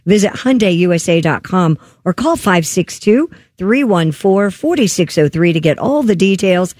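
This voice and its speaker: A woman's voice: on the low side, animated, normal speed, darkish tone, no room sound. A woman co-hosting a radio show, chatting casually and doing a live ad read in an upbeat way. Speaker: radio show co-host, reads ads.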